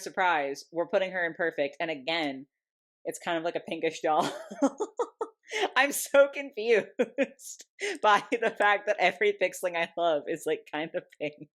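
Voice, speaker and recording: A young woman vlogging about her doll collection in an excited, chatty way, full of fillers and little laughs. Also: fairly low pitch. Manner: gushing, chatty, lots of "like" and laughs. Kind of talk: casual ranking vlog.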